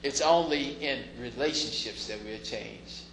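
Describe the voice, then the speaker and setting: A man's voice: medium pitch, measured pace. A man preaching a sermon in a conversational way, now and then rising to emphatic stresses. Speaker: pastor. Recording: echoey room, faint noise.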